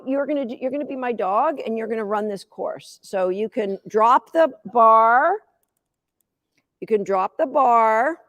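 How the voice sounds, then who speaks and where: A woman in her fifties, a dog agility coach giving a live teaching demo, chatty and energetic, cheering the dog on. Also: fairly high pitch, no room sound, clean studio sound.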